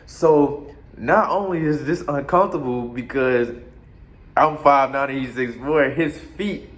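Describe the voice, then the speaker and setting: A man telling a crude, comic story in a casual, animated way. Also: medium pitch, measured pace. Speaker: podcast host telling a story.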